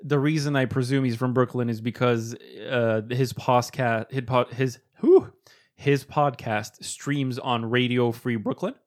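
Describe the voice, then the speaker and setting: A man co-hosting a podcast, chatting casually with quick asides and frequent laughs. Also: medium pitch, steady tone. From not American. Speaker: podcast co-host.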